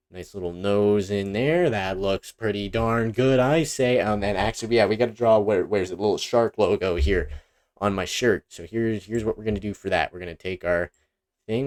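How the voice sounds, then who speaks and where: A man's voice: fairly low pitch, a little mellow. A man giving goofy, self-mocking commentary as he draws, rambling and restarting often, at a desk mic with headphones. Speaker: online video creator. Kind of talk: joking commentary while drawing. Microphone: desk mic with headphones, face cam.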